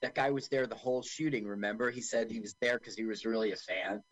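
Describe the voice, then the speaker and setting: A man's voice: on the low side, fast talker, poor audio. A man co-hosting a radio talk show, chatting casually and joking while narrating what is on screen. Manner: animated, jokey, narrates on-screen action. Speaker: podcast co-host. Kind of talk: casual chat watching a film.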